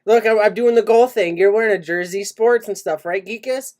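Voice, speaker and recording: A man hosting a casual podcast, trading jokes and laughing easily as he reads chat shout-outs. His delivery is loose and playful. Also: high voice, a little fast, a little hiss or hum. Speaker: podcast host.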